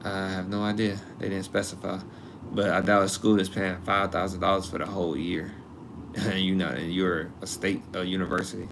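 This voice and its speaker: A man's voice: low voice, flat delivery, fairly quick, gravelly, background noise. A man in his twenties hosting a casual live stream, chatting and joking as he reads comments and looks up college costs. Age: 20s. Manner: chatty, joking, talks to chat readers.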